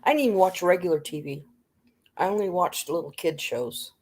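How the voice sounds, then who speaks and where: A woman's voice: lowish voice, normal speed, darkish tone, breathy edge. A middle-aged woman chatting plainly as a guest on a casual livestream. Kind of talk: casual chat.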